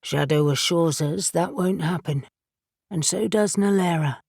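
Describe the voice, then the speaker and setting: A composed, reassuring winged man, as a woman narrator voices him in an audiobook. He speaks slowly, in a low, steady tone that stays matter-of-fact. The recording is close and dry. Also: vocal fry, dry recording.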